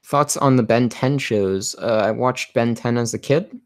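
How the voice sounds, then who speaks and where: A man hosting a casual livestream and answering viewer questions, halting and full of fillers, his voice worn and going hoarse. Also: mid-range voice, no room sound. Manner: halting, many fillers and restarts. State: losing his voice.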